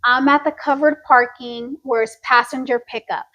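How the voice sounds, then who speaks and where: A woman's voice: high voice, normal speed, dull audio. A woman, chatting casually as a podcast co-host and acting out the quotes in her stories. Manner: animated storyteller, acts out quotes, laughs often. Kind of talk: casual chat.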